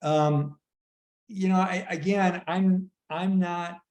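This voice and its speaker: Retired general telling a war story. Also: male voice, high-pitched, fairly even intonation, a little mellow, echoey room. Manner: conversational, halting restarts, anecdotal. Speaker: retired army general, guest. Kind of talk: casual storytelling in an online conversation. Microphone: video call.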